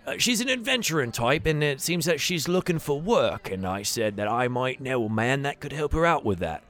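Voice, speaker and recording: A man's voice: medium pitch, lively intonation, moderate pace, a bit bright, voice pushed up, close to an everyday voice. A man voicing a big, burly, friendly woman who is hearty and eager to help. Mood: introducing.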